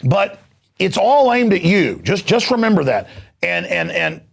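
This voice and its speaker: A man's voice: sits high, sing-song, unhurried. A man hosting a talk show, delivering a heated, blunt political rant with repeated "okay?" and many restarts. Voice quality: gravelly. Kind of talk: ranting political monologue.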